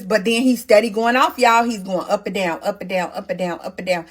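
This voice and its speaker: This is a woman talking through a personal storytime for her followers, casual and full of feeling. She speaks to the audience directly, animated and emotional as she relives each turn. Her voice sits at an ordinary middle pitch for a woman. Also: brisk, few pauses. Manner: emotional, animated retelling that addresses viewers directly. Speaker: storytime vlogger. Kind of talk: casual storytime narration to viewers.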